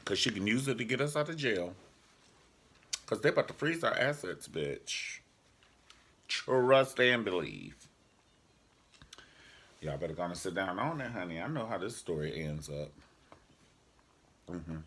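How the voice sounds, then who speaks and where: A man's voice: deep voice, big pitch swings, moderate pace, pauses often, fairly bright tone, a little hiss or hum. A man casually reviewing a TV drama episode in a sassy, joking vlog style. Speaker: TV show reviewer.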